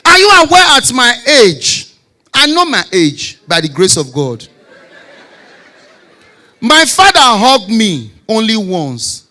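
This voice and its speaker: Animated Nigerian Pidgin comedian man, bright voice. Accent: Nigerian Pidgin English. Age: 40s. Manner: animated, bursts into shouted punchlines, drops low for asides. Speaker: stand-up comedian. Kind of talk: stand-up comedy storytelling.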